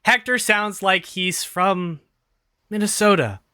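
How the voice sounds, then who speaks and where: A man narrating as game master of a tabletop role-playing game, animated and laughing often. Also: high voice, takes it slowly, clear, resonant tone, no echo, clean studio sound.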